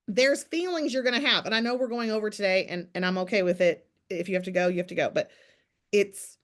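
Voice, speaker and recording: A woman's voice: mid-range voice, brisk, fairly bright tone. A woman leading a morning business call, giving casual motivational talk in a chatty, direct coaching way and turning to listeners by name. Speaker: team leader hosting a morning business call. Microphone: video call.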